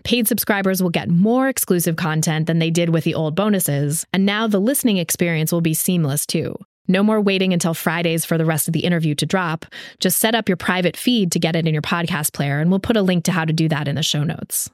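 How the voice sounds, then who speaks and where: Lower-voiced woman podcast host, sick. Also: brisk, no room sound, studio quality. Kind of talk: scripted podcast monologue.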